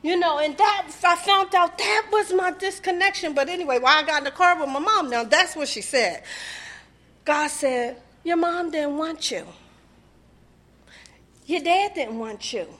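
Middle-aged woman, very high bright voice, telling her recovery story raw and profane to a meeting. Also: unhurried. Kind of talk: personal testimony at a meeting.

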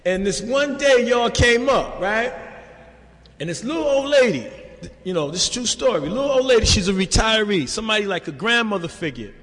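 Older New man, slightly high voice, telling his recovery story streetwise and loose, with a long hall echo behind him. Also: expressive, normal speed, a bit bright. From New York. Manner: streetwise, loose and conversational, constant "you know". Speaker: speaker sharing at a recovery meeting. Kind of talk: recovery testimony. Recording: reverberant hall.

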